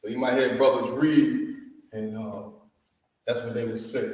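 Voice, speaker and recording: Slow-talking man teaching in an echoey hall. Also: mid-range voice, fairly even intonation, a little mellow, recorded from a distance. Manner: slow, informal, addresses students directly. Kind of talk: classroom teaching.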